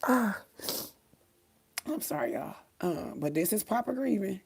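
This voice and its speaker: A woman in her thirties hosting a livestream while grieving, halting with many pauses as she reads viewer comments, near tears. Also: mid-range voice, sing-song, gravelly, warm tone, husky. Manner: halting, many ums, swears, faith talk. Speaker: livestream host.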